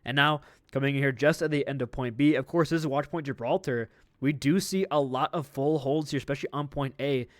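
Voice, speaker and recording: A man's voice: medium pitch, brisk, no echo, studio quality. A man casting a live esports match, chatty and joking as he walks through the play. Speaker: esports caster.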